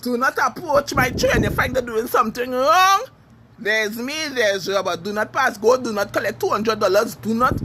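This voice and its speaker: A Trinidadian woman giving a heated, cursing social media rant, furious and shouting at times. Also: fairly high pitch, moderate pace, noisy background. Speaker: TikTok commenter.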